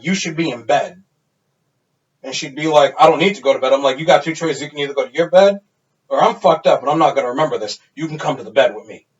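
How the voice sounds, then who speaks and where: A man in his thirties, a podcast co-host, telling a wild party story in a casual, animated and profane way. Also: on the high side. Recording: dull lo-fi sound.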